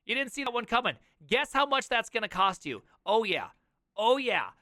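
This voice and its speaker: A man streaming live, reacting to a video with sarcastic rants and mock sales pitches. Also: big pitch swings, normal speed, sharp tone, no room sound.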